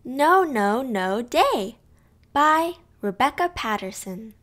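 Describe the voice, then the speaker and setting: A woman reading a children's picture book aloud, slow and expressive, telling it in a child's first-person voice. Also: sits high. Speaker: storyteller. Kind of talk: children's storybook read-aloud.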